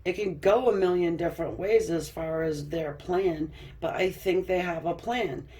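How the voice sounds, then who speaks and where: A woman reads tarot cards in a relaxed, chatty way. She laughs often, trips over her own words and swears freely. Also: fairly low pitch, moderate pace. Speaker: tarot reader. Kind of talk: casual tarot card reading.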